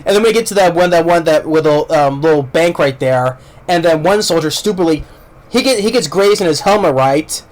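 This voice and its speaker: A man's voice: fairly high pitch, animated, a little fast. A man casually reviewing a film, rambling with many restarts and repeated words, blunt and informal, with casual swearing. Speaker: movie reviewer.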